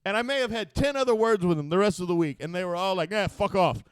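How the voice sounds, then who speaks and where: A man hosting a podcast, telling a profane story loudly and acting out other people's voices. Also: high voice, fast talker, clean tone, dry recording. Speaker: podcast host. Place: podcast studio.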